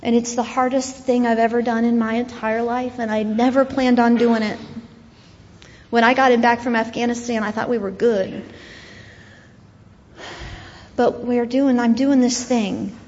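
A woman's voice: a little high, fairly even intonation, moderate pace, darkish tone, a little hiss or hum. A woman giving an earnest personal testimony as a guest speaker, telling her story while grieving. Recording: dull sound with long hall reverb.

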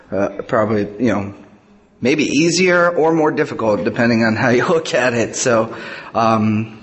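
A man giving a personal recovery testimony at a convention, halting and restarting, with frequent fillers. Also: medium pitch, fairly bright tone, a little hiss or hum. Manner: halting, full of "you know" and restarts. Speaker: convention speaker.

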